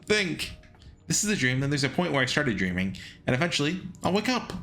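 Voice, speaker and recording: A man's voice: a little high, sing-song, a little fast, bright, forceful tone, soft background music, full character voice. A man reading aloud the lines of a frightened young man who keeps asking himself whether he is dreaming. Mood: anxious. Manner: panicked self-questioning, rising to frantic. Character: young man, frightened protagonist unsure what is real.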